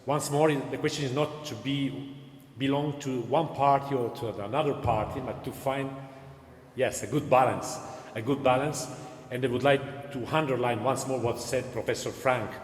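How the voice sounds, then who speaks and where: A man's voice: mid-range voice, steady tone, normal speed. A man hosting a panel discussion in earnest, repetitive speech with non-native phrasing. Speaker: Dominican cultural center host. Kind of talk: panel moderation. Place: church. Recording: echoey church hall with long reverb.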